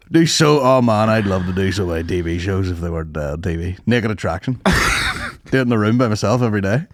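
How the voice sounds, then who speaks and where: A man's voice: fairly low pitch, sing-song, normal speed, no echo. Northern irish guy on a comedy pod, laughs loads, swears, voice goes all over, dry close sound. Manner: sweary, laughs often, storytelling. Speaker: podcast co-host. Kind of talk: casual comedy chat.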